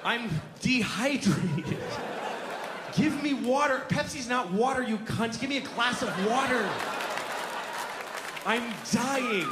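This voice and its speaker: A man voicing a whining, pleading young boy who is shouting back at a parent on a comedy stage. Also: extremely high pitch, animated, slow, long pauses, over a noisy crowd, heavy background noise, heavily acted. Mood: whiny outrage. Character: whiny malnourished young child, boy, pleading. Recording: echoey theater, audience laughter.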